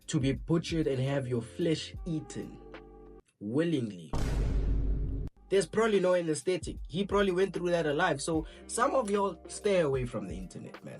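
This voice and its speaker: A young man casually reacting to a video, rambling in slang and talking to his chat. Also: fairly high pitch. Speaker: reaction streamer.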